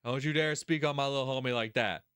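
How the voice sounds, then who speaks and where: Smooth-voiced man ranting over a game. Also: medium pitch, quick pace, fairly bright tone, no room sound, clean studio sound. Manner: profane, heated ranting, mocking whiny put-on voices. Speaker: gameplay commentator reading a visual novel. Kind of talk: let's play commentary and reading aloud.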